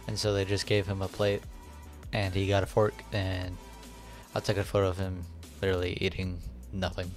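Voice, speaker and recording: Lowish voice guy chatting over camp pics, faint music under. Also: monotone, moderate pace. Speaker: vlogger. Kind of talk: casual vlog voice-over.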